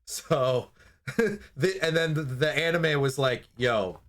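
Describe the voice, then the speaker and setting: A man's voice: a little high, takes it slowly, a bit bright. A young man co-hosting a casual review chat, rambling and swearing, laughing often and acting out scenes in silly voices. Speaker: podcast co-host reviewing anime.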